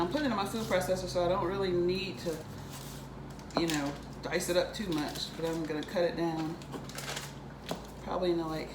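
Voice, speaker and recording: Chatty woman in an echoey kitchen. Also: on the low side. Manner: chatty, upbeat, many ums and likes. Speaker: cooking show host. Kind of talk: casual cooking demonstration. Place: home kitchen. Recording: echoey kitchen with background noise.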